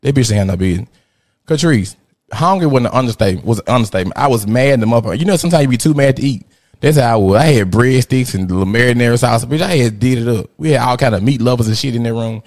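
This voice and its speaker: A man in his thirties with a drawl hosts a casual talk show. He rants and tells stories in a profane, animated way, swinging from loud outbursts to muttered asides. His voice sits at an ordinary middle pitch. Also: quick pace. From Memphis, USA. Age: 30s. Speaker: podcast host. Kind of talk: casual storytelling rant.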